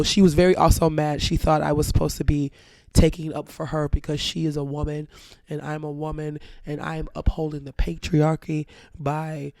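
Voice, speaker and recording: Brief: outspoken woman co-host, casual storytelling, gravelly texture. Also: low voice, dry recording, studio quality. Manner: animated, blunt, swears freely.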